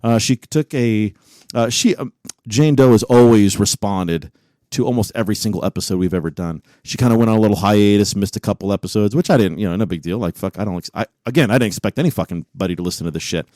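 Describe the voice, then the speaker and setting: A man's voice: lowish voice, quick pace, warm tone, dry recording, low-quality recording. A man co-hosting a podcast in casual chat, swearing often and getting heated as he rants. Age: adult with a son. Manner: profane, heated rant. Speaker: podcast co-host.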